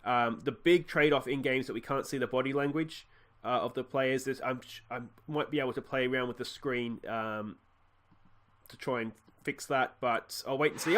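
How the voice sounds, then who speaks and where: In this let's play, a man with an Australian accent chats easily about the football management game he's playing, shouting with excitement when goals are scored. His pitch is medium and his pace is normal.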